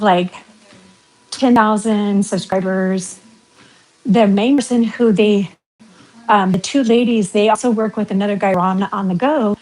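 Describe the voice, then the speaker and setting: A woman's voice: medium pitch, a little mellow, rough recording. A middle-aged woman with a West Coast American accent, chatting on a walking livestream, rambling between topics and reading out viewer comments. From western United States. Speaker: livestream vlogger. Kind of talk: casual livestream chat while walking.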